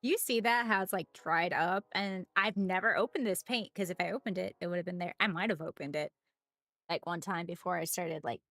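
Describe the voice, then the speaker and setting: A woman's voice: on the low side, brisk, a bit bright, no echo, faint music behind. A woman chatting casually on a live stream as she paints miniatures, greeting viewers by name and laughing often.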